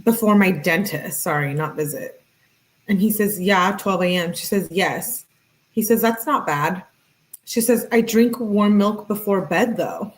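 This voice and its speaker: A woman's voice: medium pitch, measured pace, low-quality recording. Woman reading text messages aloud. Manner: plain read-aloud delivery broken by offhand asides. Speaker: channel host.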